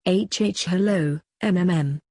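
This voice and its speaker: A woman's voice: on the low side, unhurried, mellow, no room sound, clean studio sound. A woman reading a stuttering shy new student. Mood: nervous. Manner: stuttering, timid. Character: young adult male new student, nervous and stuttering. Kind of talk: amateur audiobook reading.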